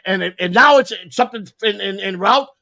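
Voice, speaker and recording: Older man, gravelly fry, stammers and swears through long stories. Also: sits high, normal speed, bright, forceful tone. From Chicago. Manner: rambling, profane, many stammered restarts. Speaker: guest storyteller. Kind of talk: casual podcast chat.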